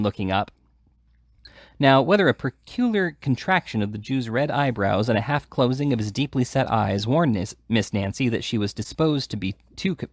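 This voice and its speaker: A man's voice: medium pitch, no room sound, clean studio sound. A man reading a classic novel aloud in a casual way, with occasional slips and restarts. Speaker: reader. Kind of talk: audiobook reading.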